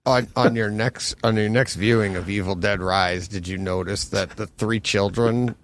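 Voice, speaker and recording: A man hosting a podcast in an animated, chatty way, with laughs and pitch jumps in his asides. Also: normal speed, slight background noise. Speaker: podcast host. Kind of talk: casual podcast chat.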